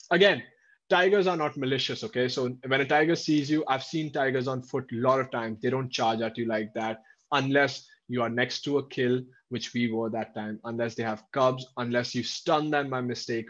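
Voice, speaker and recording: A man with a medium voice tells a safari story to his livestream viewers, animated and chatty, breaking off to answer their comments. The audio is dull and lo-fi, like a laptop stream. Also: medium pitch. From India. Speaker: wildlife presenter.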